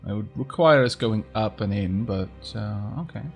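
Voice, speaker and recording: A man's voice: lowish voice, moderate pace, gravelly, husky, faint music behind. A man commentating his game stream, rambling and chuckling as he reads chat aloud. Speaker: gaming streamer.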